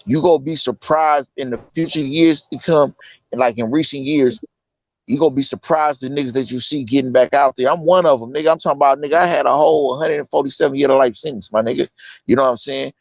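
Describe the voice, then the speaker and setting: Speaking quickly in a mid-range voice, an incarcerated Californian guest chats with earnest insistence, loaded with street slang and "you know what I'm saying" fillers. There's no room sound, though the audio is dull and lo-fi.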